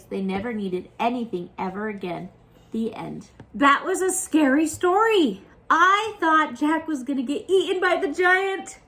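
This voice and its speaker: Upbeat preschool teacher reading aloud. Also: female voice, a little high, slight background noise. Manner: animated, upbeat, talks to children. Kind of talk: children's storytelling and craft lesson.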